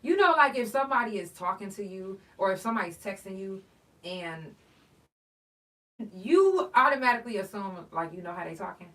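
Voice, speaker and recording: Animated woman storyteller, off-mic. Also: mid-range voice, normal speed, distant mic, rough recording. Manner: animated storytelling, swearing, acting out texts. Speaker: podcast host. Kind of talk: casual solo chat.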